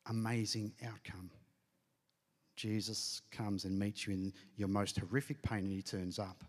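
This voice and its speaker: With a steady, lowish voice and a slightly slow pace, a middle-aged pastor recounts his own testimony during a sermon. He speaks to the congregation with earnest emotion, and the church hall adds reverb.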